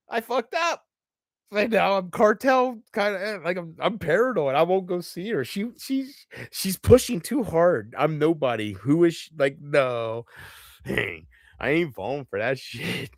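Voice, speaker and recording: A man's voice: fairly high pitch, a bit bright, no room sound, studio quality. A man rambling in a live chat, profane and self-mocking, laughing often between thoughts. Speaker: livestream host.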